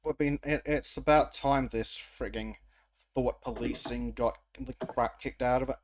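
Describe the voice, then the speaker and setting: A man hosting a podcast in casual chat, wry and sarcastic, with halting restarts. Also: medium pitch, steady tone, no room sound. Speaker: podcast host.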